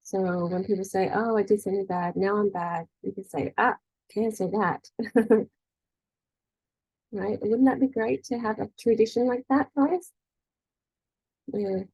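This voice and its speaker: Unhurried and pausing often, a middle-aged woman speaks with a medium-pitched, steady, slightly mellow voice that has a breathy edge. She's coaching a faith group as a spiritual energy-healing leader, keeping the teaching casual and chatty, with lots of "you know" and "right?" and acted-out quoted voices. No echo, but low-quality recording.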